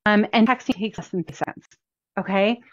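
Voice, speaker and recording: A woman's voice: mid-range voice, moderate pace, no echo. Chatty woman chiropractor coaching practice owners, upbeat, dry lo-fi sound. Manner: chatty, upbeat, repeats key points. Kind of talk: instructional talk. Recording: dull, dry lo-fi recording.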